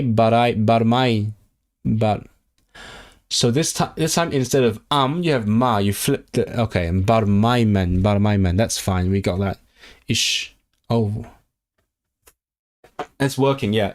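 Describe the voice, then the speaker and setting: A man streaming himself as he studies a language, drilling phrases aloud in a halting, repetitive self-talk. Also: fairly low pitch. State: sore throat. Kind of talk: casual livestream study session.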